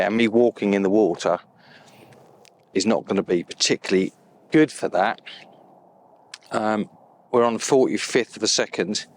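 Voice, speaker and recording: A deep-voiced man out on an open moor, talking his camera through a landscape shot. He sounds quietly delighted and sometimes drops almost to a whisper, close to his mic in the still outdoor air. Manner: enthusiastic, softly spoken, at times whispering. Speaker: landscape photographer. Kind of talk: outdoor photography vlog. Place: outdoors beside a loch on a moor.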